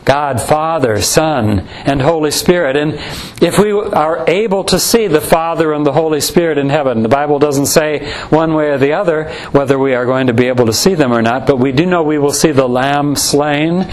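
A man preaching a measured expository sermon, slowing down to intone scripture verses. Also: on the high side, slight background noise, low-quality recording.

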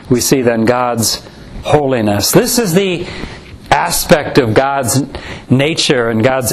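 Measured preacher, man, slightly high voice. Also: slight background noise, rough recording. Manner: measured, deliberate, slows to intone scripture. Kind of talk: expository sermon.

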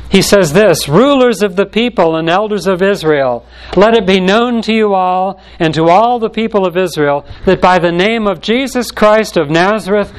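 A man delivers a sermon in a voice pitched a little above the usual male range. He reads scripture aloud and expounds on it, slowing down and leaning on key words for emphasis. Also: low-quality recording. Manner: measured, emphatic preaching with slow stressed phrases. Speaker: preacher.

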